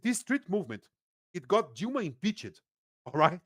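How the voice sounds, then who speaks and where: A Brazilian man, native in Portuguese and speaking with a Brazilian accent, appears as a guest political analyst on a casual podcast. He's animated, laughs easily and often restarts sentences. His voice sits high, with studio quality and no room sound.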